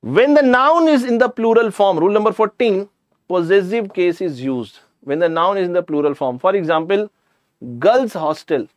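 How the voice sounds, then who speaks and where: A man's voice: sits high, lively intonation, moderate pace, no room sound. A man with an Indian English accent teaching a live online grammar class, chatty, addressing students directly and slipping in jokes.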